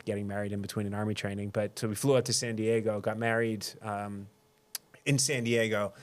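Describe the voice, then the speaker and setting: A man in his thirties, a mayor sitting as a guest, tells a personal story in a loose, conversational way. He pokes fun at himself and laughs easily. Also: on the low side. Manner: self-deprecating, laughs often. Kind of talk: casual interview storytelling.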